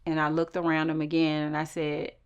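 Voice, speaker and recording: A woman's voice: monotone, a little fast, smooth, dull audio. A woman telling a personal story, acting out the quoted voices of the people in it. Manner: acts out quoted voices with shifts in pitch.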